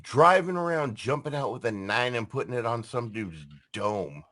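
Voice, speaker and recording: A man's voice: medium pitch, lively intonation, normal speed, pushed and bright. A man co-hosting a podcast in casual chat, emphatic and prone to repeating phrases and saying "dude". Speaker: podcast co-host.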